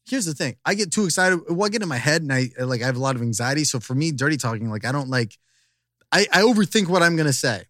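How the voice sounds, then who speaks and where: A man's voice: on the high side, fast, no echo, studio quality. A young man co-hosting a podcast, telling crude self-deprecating stories in comedic banter. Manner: animated storyteller, self-deprecating. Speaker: podcast co-host.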